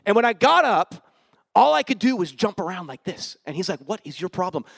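A pastor with a notably high, creaky voice preaches a sermon built on his own testimony, speaking a little fast. His emotions swing widely between loud, excited bursts and hushed moments, and he throws slang in casually. The recording is dry and close, with no echo or room around it.

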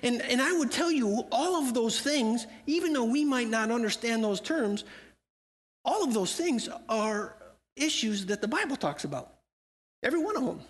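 A man's voice: very high-pitched, expressive, normal speed. A man speaking as a missionary at a church, talking conversationally and acting out imagined dialogue. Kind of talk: church talk with acted-out quotes. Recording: long hall reverb.

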